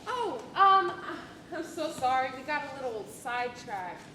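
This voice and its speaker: A student playing a flustered admissions interviewer. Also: female voice, high-pitched, very animated, unhurried, bright, forceful tone, exaggerated voice. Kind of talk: school stage play acting. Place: school auditorium stage. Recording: echoey stage with hiss.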